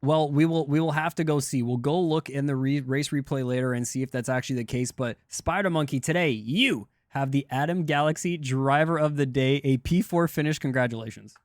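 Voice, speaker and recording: A man hosting a sim racing league live stream, rambling excitedly and talking to his chat. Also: medium pitch, a little fast, hardly any pauses, no echo, studio quality. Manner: hyped, rambling, talks to chat. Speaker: streamer and race league host. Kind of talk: casual live-stream commentary.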